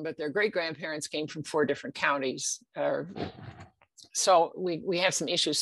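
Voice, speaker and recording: A woman's voice: on the low side, bright, forceful tone, no room sound. A middle-aged woman from the United States giving a genealogy presentation, talking casually and checking in with "okay?" as she explains slides. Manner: conversational, frequent "okay?" and restarts.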